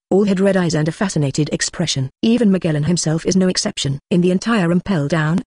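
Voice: medium pitch, darkish tone, no echo, clean studio sound. A text-to-speech voice narrating a novel as an audiobook, reading evenly and speaking punctuation marks and stray numbers aloud.

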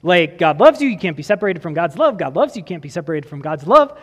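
A man's voice: a little high, big pitch swings, fast talker, a bit bright, big-room sound. A male pastor delivering a sermon in a church, asking his listeners questions and reading scripture aloud. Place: church sanctuary.

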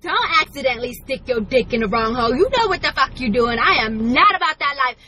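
A woman's voice: high-pitched, lively intonation, brisk, bright, forceful tone, slight background noise, rough recording. A woman comedy vlogger ranting in a brash, profane way from inside her car, swinging into exaggerated voices.

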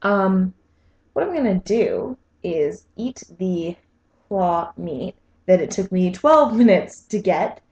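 A woman's voice: medium pitch, lively intonation, slow pace, a little mellow. Young woman vlogger, squeamish and self-mocking, chatty to camera, echoey room. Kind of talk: casual cooking vlog.

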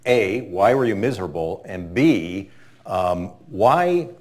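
A man interviewing a guest, asking measured, structured questions. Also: on the low side, lively intonation, darkish tone.

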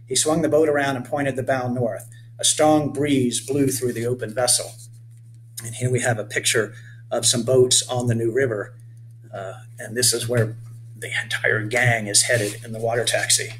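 A man's voice: mid-range voice, fairly even intonation, moderate pace, low-quality recording. A man reading his own storybook to children in a mid-range voice, breaking off now and then to chat with young listeners. A faint hum sits under the recording. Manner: gentle asides speaking to children. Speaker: author reading his book. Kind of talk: children's read-aloud.

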